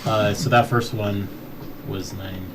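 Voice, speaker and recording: A man playing a tabletop game, chatting in an animated way with frequent laughter. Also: fairly low pitch, slow. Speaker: player. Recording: distant mic with noticeable hiss.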